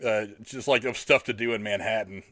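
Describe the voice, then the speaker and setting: A man's voice: lowish voice, brisk, dry recording. A man hosting a podcast in casual, rambling chat. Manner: rambling, animated. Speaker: podcast host.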